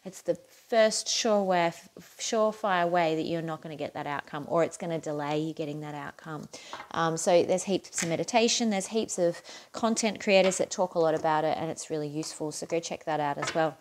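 A woman's voice: low voice, brisk, slight background noise. Chatty woman reading tarot. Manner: chatty, encouraging, laughs at herself. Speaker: tarot reader. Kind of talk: casual tarot reading to camera.

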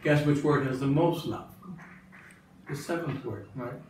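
In this catechism talk to religious sisters, the bishop speaks unhurriedly in a medium, darkish voice, asking questions and repeating phrases for emphasis. There's a little hiss or hum, and the far-off mic captures a very echoey space.

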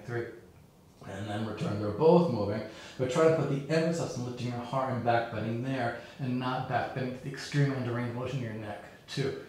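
A man leading a yoga class, giving calm, encouraging cues and counting through the poses. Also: medium pitch, slight background noise. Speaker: yoga instructor. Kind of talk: guided yoga class instruction. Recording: very echoey room.

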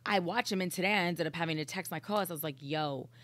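A woman radio host with a lowish voice talks bluntly and intensely, swearing freely in a casual podcast chat. The sound is dry and close, with no room around it. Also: rapid-fire, fairly bright tone, dry recording. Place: studio.

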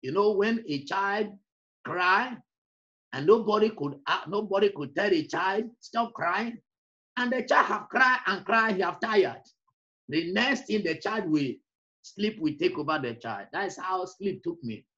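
A man's voice: high-pitched, lively intonation, a little slow, bright, forceful tone, dull audio. A man preaching an emotional personal testimony, repeating phrases and breaking into song. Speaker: evangelist.

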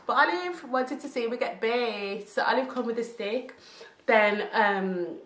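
A young woman, telling a storytime vlog tale in animated, slangy talk with laughs. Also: on the high side, unhurried. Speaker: vlogger. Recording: roomy echo.

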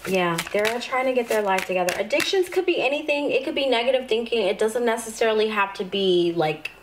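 A woman doing a tarot reading to camera, calm and spiritual, with sudden excited outbursts. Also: fairly high pitch, brisk, background noise. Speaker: tarot reader.

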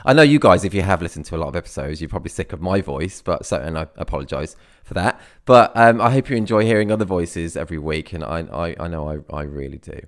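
A man's voice: sits low, animated, quick pace, few pauses. A man hosting a podcast, chatting casually and enthusiastically. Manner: enthusiastic, laughs often. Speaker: podcast host.

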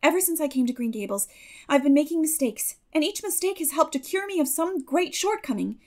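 A woman's voice: high voice, animated, fairly quick, a little mellow, voice pushed up. A woman voicing a proud, spirited and talkative young girl, speaking in an earnest, declaiming way in an audiobook. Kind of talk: audiobook character voice.

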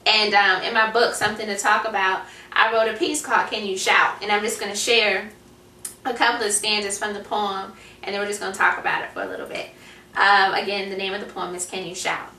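A woman's voice: mid-range voice, steady tone, fairly quick, sharp tone, reverberant, distant mic, a little hiss or hum. A young adult woman hosting a faith-based talk show, speaking earnestly and prayerfully with many fillers. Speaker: host.

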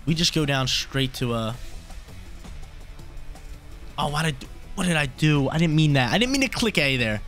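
Lively excitable young man commentating a game. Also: a little high, normal speed, long pauses, faint music behind. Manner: excitable, repeats himself, talks to himself. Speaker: gaming YouTuber.

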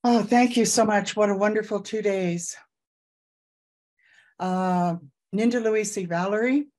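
An older woman in her sixties from Canada speaks at an unhurried, measured pace. She gently guides listeners through slow breaths and reflective closing words. Her voice sits at an ordinary pitch and comes through a video call. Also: steady tone. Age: 60s. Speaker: elder giving closing words.

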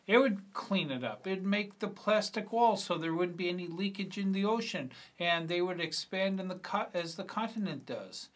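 A man's voice: sits high, animated, normal speed, few pauses, pitched above the performer's own voice. A man reading a screenplay aloud, voicing an eager, earnest teenage schoolboy.

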